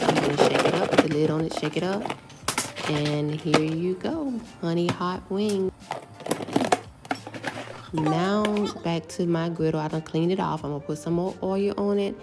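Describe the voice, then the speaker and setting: A middle-aged woman casually talking through her home cooking step by step, relaxed and chatty. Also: low voice, normal speed, very noisy. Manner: relaxed, step-by-step explaining with fillers.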